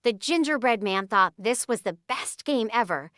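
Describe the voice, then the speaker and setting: A woman narrating a children's storybook in an expressive, animated way. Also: a little high, normal speed, dry recording, clean studio sound.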